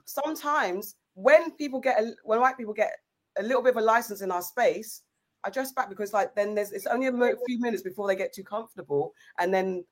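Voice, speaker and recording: Casual emphatic woman co-host, mid-pitched, makes her point with rhetorical questions. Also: fairly quick. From England. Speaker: podcast co-host. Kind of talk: casual chat.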